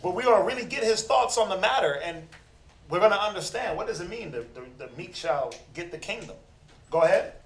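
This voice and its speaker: A man leads a scripture class in a high, animated voice, bouncing questions to his group and slipping into the voices of the people he quotes. The room is echoey and reverberant. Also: a little fast, slight background noise. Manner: animated, acts out quoted people, calls for responses. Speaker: Bible class teacher.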